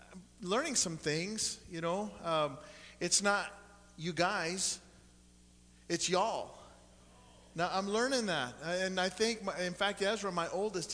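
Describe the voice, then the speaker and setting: A man's voice: on the high side, fairly bright tone. A man in his forties preaching as a pastor in a church, folksy and joking with the congregation. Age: 40s. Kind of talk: sermon. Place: church sanctuary. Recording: long church hall reverb.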